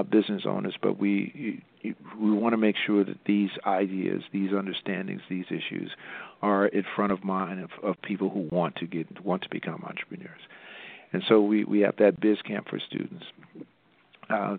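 Gravelly man, halting speech, phone line. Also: lowish voice, no room sound. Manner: halting, many restarts and fillers. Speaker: nonprofit representative. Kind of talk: interview over the phone.

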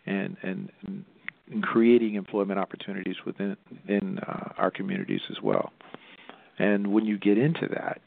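A low, gravelly man speaking over a thin, tinny phone line. He talks haltingly, with lots of restarts and fillers, as he explains his organization's work. The sound is dry and close, with no room around it. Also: no room sound. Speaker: nonprofit representative.

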